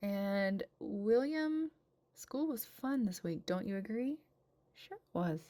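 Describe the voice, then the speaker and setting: A woman's voice: medium pitch, expressive, slow pace, mellow. A woman giving a casual voice-over of a life-simulation game, chatting and cooing at her characters as she plays. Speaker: gaming channel host. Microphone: home voice-over mic.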